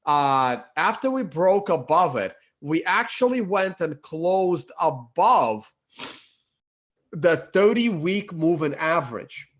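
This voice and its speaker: A man with a fairly high voice walks through his charts in a loose, unscripted way. He stops and restarts often, fills gaps with "uh," and his voice sounds worn and croaky. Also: a bit bright. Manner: halting, many fillers and self-corrections. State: losing his voice, clearing his throat. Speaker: crypto chart analyst. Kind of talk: casual screen-share chart commentary.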